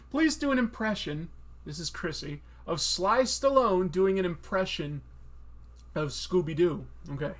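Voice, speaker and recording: A man's voice: high voice, sing-song, moderate pace, fairly bright tone. A man hosting a casual live-stream Q&A about comics, chatty and rambling with many fillers. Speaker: comic book video host.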